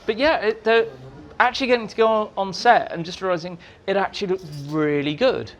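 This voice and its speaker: A man's voice: high-pitched, fairly quick, slight background noise. A man guest at a fan society meeting, telling stories and acting out quotes in voices. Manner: animated, acts out quotes in voices. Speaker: interview guest, writer. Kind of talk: anecdotal storytelling.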